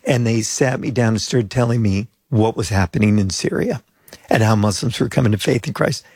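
An older man, a pastor, telling a lively personal story as an interview guest and acting out the voices of people he met. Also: fairly low pitch, fairly quick, husky, no room sound. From United States. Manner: chatty anecdotal storyteller, acts out quoted voices.

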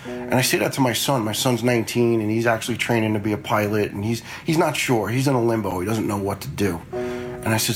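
Blunt, low-voiced man in his forties. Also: fast talker, over music. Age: 40s. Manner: blunt, quotes himself in anecdotes. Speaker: retired fire lieutenant. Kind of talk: casual storytelling.

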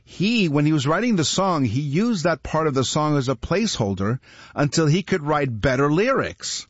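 Animated, husky man co-hosting a show. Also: on the high side, moderate pace, no echo. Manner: chatty, laughs often, animated. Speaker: co-host. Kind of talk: casual trivia show banter. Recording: dull dry studio sound.

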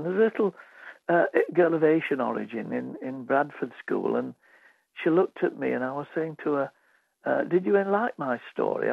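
A man's voice: mid-range voice, vocal fry, slightly rough, no echo. A man telling funny anecdotes as a radio guest, acting out the voices of children and teachers. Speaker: author guest. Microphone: phone line. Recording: tinny phone line, dry.

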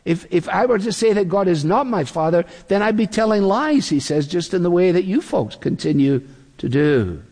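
A man preaching a sermon in a measured, deliberate way, acting out the quotes he reads. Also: high-pitched, expressive, darkish tone. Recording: long reverb of a large hall.

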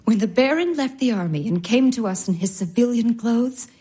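An actress playing a comforting, practical elder sister who soothes with light laughs. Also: female voice, on the high side, animated, moderate pace, mellow, husky. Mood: advising. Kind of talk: stage drama acting.

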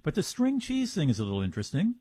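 A man's voice: fairly high pitch, wildly swooping pitch, fast talker, mellow, slightly rough, no echo. A man hosting a radio talk show, reading sponsor copy and introducing a guest in an upbeat, playful way.

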